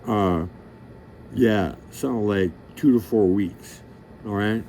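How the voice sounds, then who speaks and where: A man's voice: fairly low pitch, slow pace, mellow, slight background noise. A middle-aged man in a rambling monologue, talking in a profane, boastful, streetwise way and losing track of his story. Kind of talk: rambling direct-to-camera monologue.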